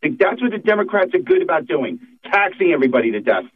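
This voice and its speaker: A man's voice: sits high, very animated, quick pace, husky. Fired-up New man on a phone line. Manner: fired-up, emphatic, repetitive. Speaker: state senator guest. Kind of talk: call-in political talk.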